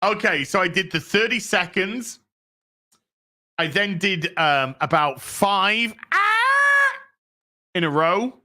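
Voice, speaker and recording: A man hosting a casual livestream, reading viewer donations and answering them in an animated, profane and boastful way. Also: high voice, slow pace, no echo, studio quality. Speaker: streamer host.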